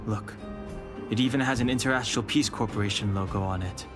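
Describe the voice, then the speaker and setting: A man voicing a calm, reserved companion. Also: lowish voice, brisk, over music, close to an everyday voice. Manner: level, composed, matter-of-fact. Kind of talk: video game voice acting.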